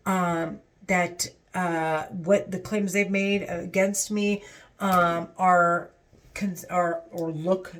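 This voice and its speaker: Woman vlogger, unscripted rant, restless and profane, mid pitch. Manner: agitated, rambling, profane, many restarts. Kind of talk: unscripted monologue to camera.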